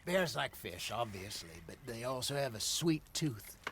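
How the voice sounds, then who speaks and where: A calm old outlaw. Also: male voice, mid-range voice, measured pace, a little hiss or hum. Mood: instructive. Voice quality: easygoing, drawling old-West speech. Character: seasoned old male outlaw, calm and folksy. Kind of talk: video game dialogue.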